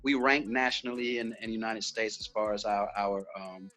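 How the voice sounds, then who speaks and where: A man with a Southern US accent, a singer chatting in a relaxed, halting way during an interview. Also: lowish voice, soft background music. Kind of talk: casual interview chat.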